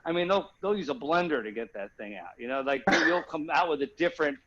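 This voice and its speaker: A man's voice: fairly high pitch, animated, quick pace, a bit bright, highs cut off. A man telling a rambling comic story on a video call, often asking if the listener follows him. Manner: rambling, keeps asking "you know what I mean?". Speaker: guest comedian.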